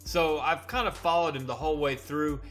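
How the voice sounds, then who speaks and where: A man reviewing comics in a casual vlog, retelling the story with animated delivery and frequent restarts. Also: a little high, normal speed, soft background music.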